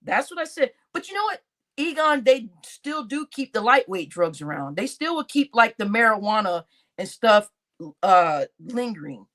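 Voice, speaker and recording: At a normal speed and in a slightly high voice, an adult livestream host chats casually with her audience. She's animated, reading comments with plenty of laughter and swearing, and calls the chat "y'all."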